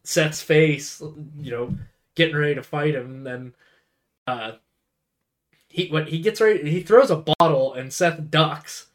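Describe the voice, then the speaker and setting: A man's voice: on the high side, measured pace. A young man co-hosting a casual podcast, retelling a film scene by scene in a rambling way with lots of fillers and quoted lines. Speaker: podcast co-host. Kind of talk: casual movie recap chat.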